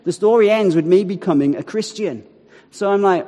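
A man telling a personal faith story to an audience, animated, with acted-out quotes and wry asides. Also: high voice, moderate pace. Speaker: speaker telling a testimony. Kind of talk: storytelling talk. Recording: long hall reverb.

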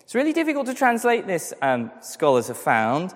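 A man's voice: high-pitched, huge pitch swings, normal speed, long reverb tail. A man preaching a sermon, earnest and repeating key phrases for emphasis. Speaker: pastor.

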